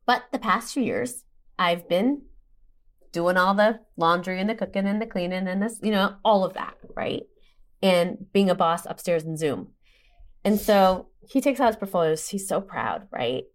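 An animated woman in her forties, a podcast guest telling a personal story. She talks with quick asides and plenty of energy, her voice sitting in a middle register. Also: medium pitch. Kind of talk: podcast conversation.

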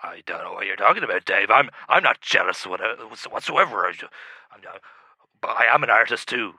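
A man's voice: on the low side, animated, a little fast, sharp tone, breathy edge, dry recording, exaggerated voice. A man playing a sulky artist and ex-husband, who talks in hesitant, stammering, defensive bursts in an improvised comedy call-in.

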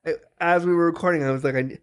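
Male podcast host, chatty and quick to laugh, restarts a lot; fairly high voice. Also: clear, resonant tone. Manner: animated, laughs often, trails off and restarts. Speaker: power wheelchair user. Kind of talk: casual chat.

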